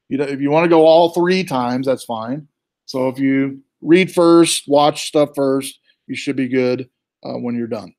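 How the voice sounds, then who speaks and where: A man with a Southern US accent walks his students through an online lab as he clicks along. His voice sits at a middle pitch, and his delivery is loose and chatty, with plenty of side remarks. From born in New York, raised in the US South. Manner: relaxed and chatty, with fillers and asides. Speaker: college instructor. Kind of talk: casual screen-share walkthrough.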